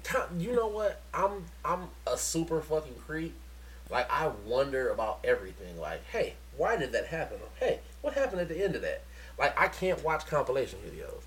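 A man telling stories in casual, profane podcast chat, animated and laughing often. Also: a little high, normal speed, slight background noise. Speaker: podcast co-host.

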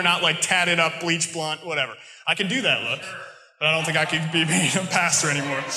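A man's voice: sits high, pushed and bright. An American man preaching a sermon as pastor, in a conversational storytelling way. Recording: echoey room sound.

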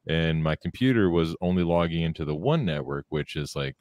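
Very deep, laid-back deadpan man. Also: a little fast. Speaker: podcast co-host. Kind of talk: casual chat. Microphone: remote call microphone.

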